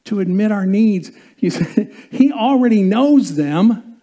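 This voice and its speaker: A man's voice: high-pitched, lively intonation, slow, dark tone. A male pastor preaching a sermon in a conversational way, often asking the congregation questions.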